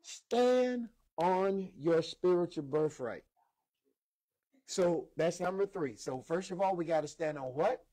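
A man with a notably high voice preaches a sermon. He hammers points with repetition and pulls call-and-response answers from his listeners. The sound comes through a modest microphone. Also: lively intonation, slow, mellow. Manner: emphatic, repeats key lines, call-and-response with listeners. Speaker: preacher and lead instructor.

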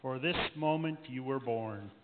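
A woman voicing a gentle unseen divine voice that directs a play, soft and lower than her own, asking kind, probing questions, heard in an echoey church over a tinny line. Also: a little slow. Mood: warm, assuring.

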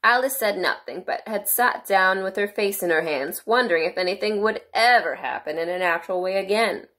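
A woman narrating a bedtime story in a gentle, even storyteller manner. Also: medium pitch, fairly quick.

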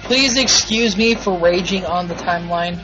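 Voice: medium pitch, moderate pace, music in the background. A host of a simulated wrestling show, swearing and ranting in frustration while commentating on play. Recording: dull lo-fi recording.

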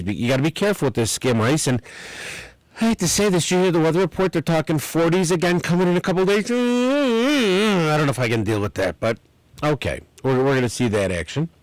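Male outdoors radio host, rambling and lively, dry studio sound. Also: fairly high pitch, dry recording, low-quality recording. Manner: chatty, rambling, repeats the phone number slowly. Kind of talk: live outdoors radio talk. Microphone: studio microphone.

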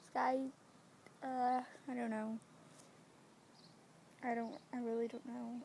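A young woman from the UK vlogging into her phone in a public street, talking quietly and self-consciously, rambling and often slipping into a whisper. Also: fairly high pitch, steady tone, unhurried, long pauses, a little hiss or hum. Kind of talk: casual vlog to phone. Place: outdoors in public, residential street. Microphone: phone camera.

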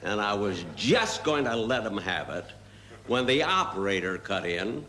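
A man telling a slow, deadpan comic story as a guest comedian on a TV variety show, full of pauses and asides. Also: lowish voice. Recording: hissy 1970s TV broadcast recording.

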